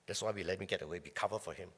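A male pastor giving a conversational sermon, often clearing his throat as he talks. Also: low-pitched, pushed and bright, in a large hall. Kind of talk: sermon with personal storytelling. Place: church hall.

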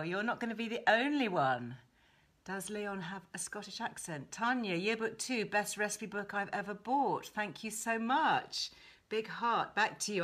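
A woman hosting a casual live stream from home, chatting warmly and reading out viewers' greetings. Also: medium pitch. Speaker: host. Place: her home.

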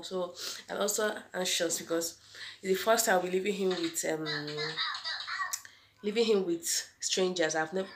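Young Nigerian woman vlogger, chatty and repetitive, echoey room with background noise. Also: on the low side. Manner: chatty, repeats phrases, addresses viewers as guys. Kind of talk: casual vlog chat to camera. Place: home.

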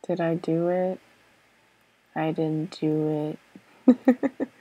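A woman's voice: sits low, extremely slow, pauses often, warm tone, no room sound, poor audio. A woman narrating her own puzzle-game play, thinking aloud in a hesitant, self-doubting way with many fillers and repeated okays. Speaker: let's play gamer. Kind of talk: thinking-aloud gameplay commentary.

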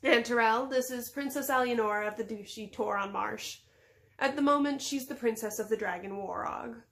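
A woman's voice: on the high side, normal speed, fairly bright tone. A woman voicing a clever, sly young princess who plays innocent in a read-aloud storybook. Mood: cool.

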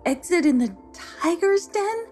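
A woman's voice: extremely high pitch, animated, a little slow, darkish tone, faint music behind, voice pushed up. A woman voicing a nervous, doubtful young girl twin in a children's story. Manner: worried, doubtful questions.

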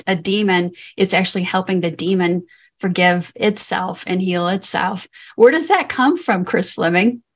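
Host, woman, lowish voice, thoughtful recap before her question. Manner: reflective, sums up the guest's story. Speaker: podcast host. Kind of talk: interview.

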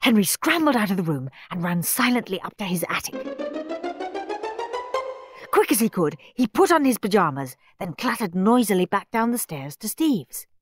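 A woman reading a children's storybook aloud, expressive and playful. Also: mid-range voice, normal speed, slightly rough, dry recording, faint music behind. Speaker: audiobook reader. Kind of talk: storybook narration. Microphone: close studio mic.

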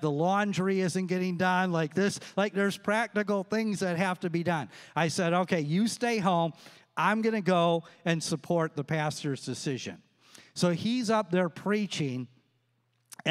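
High-voiced pastor preaching in an echoey church. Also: male voice, clean tone. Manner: storytelling with acted-out dialogue. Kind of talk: sermon.

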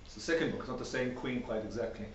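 A man's voice: mid-range voice, lively intonation, very fast, recorded from a distance, slight background noise. A man giving an academic workshop presentation in a seminar room, talking conversationally and posing rhetorical questions. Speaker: lecturer. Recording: very echoey, dull room recording.

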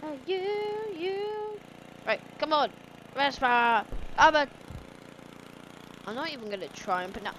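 A woman with a high voice that leaps around wildly calls out her let's play commentary, excitable and chattering at the game. She talks slowly between bursts. Game sound effects and clear noise sit behind her. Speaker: gaming video host. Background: video game sound effects.

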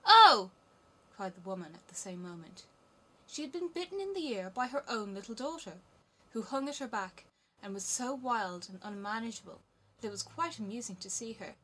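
A woman narrating a fairy tale as an audiobook, in a steady, clear storytelling manner. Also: medium pitch, brisk.

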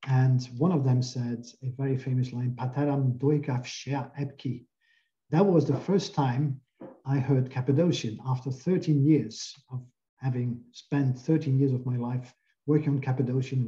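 A dark-toned, mid-range male voice delivers a linguistics lecture, explaining each slide in turn. The audio lacks its high frequencies.

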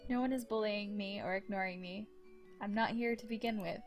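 A woman's voice: mid-range voice, fairly even intonation, fairly quick, soft background music, natural voice. A woman reading as a lonely ghost boy. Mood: melancholy. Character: quiet lonely ghostly boy pigeon, melancholy.

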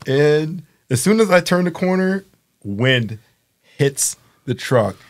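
A man's voice: on the high side, expressive, takes it slowly. A man in casual podcast chat, recounting a story in a laid-back way. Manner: laid-back, laughs through his story. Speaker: podcast guest.

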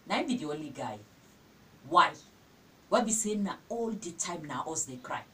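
A young woman with a Nigerian accent, giving scolding, animated advice in a vlog. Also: normal speed. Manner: animated, scolding, full of exclamations. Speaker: vlogger. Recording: distant mic with faint rumble.

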